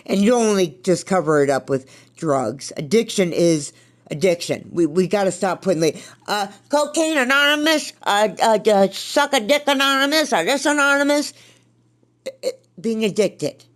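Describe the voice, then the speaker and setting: With lively intonation in a mid-range voice, a female podcast host gives a sincere spiritual self-help talk at normal speed. Speaking out of her own recovery, she's blunt and open, letting a swear word slip in occasionally.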